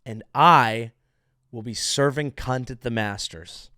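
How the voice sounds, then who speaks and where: A man's voice: medium pitch, slow, sharp tone, no room sound, clean studio sound. A male comedian hosting a podcast, delivering a sarcastic, rambling monologue full of restarts and mock-grand declarations. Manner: sarcastic, rambling, self-interrupting.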